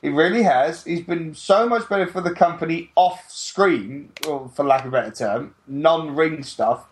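A man's voice: on the high side, normal speed. A man co-hosting a casual wrestling chat, blunt and mocking, who swears now and then. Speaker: podcast co-host.

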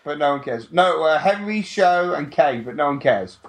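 A man's voice: fairly high pitch, expressive, moderate pace. A man co-hosting a casual wrestling chat, blunt and mocking, who swears now and then. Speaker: podcast co-host.

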